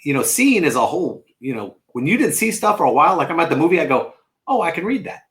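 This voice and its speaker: A man's voice: fairly high pitch, sing-song, fast. A man, a lawyer and comedian, telling rambling, stammering stories in a casual chat.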